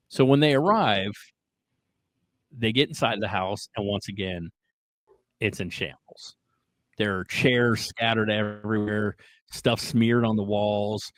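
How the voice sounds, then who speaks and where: A man hosting a podcast, casually retelling a strange story in an animated way, often checking in with "right?" and "like". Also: on the low side, measured pace, no echo, rough recording. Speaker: podcast host.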